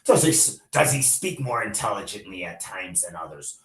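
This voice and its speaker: A man's voice: lowish voice, big pitch swings, normal speed, fairly bright tone, pitched above the performer's own voice. A man voicing a suspicious male investigator who presses with questions, read aloud to a class. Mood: probing. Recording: echoey room.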